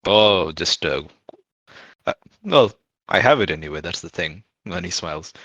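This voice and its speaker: Low-voiced man playing a tabletop game. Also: expressive, moderate pace, pauses often, fairly bright tone, no echo, lo-fi sound. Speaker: player. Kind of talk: voicing a tabletop character.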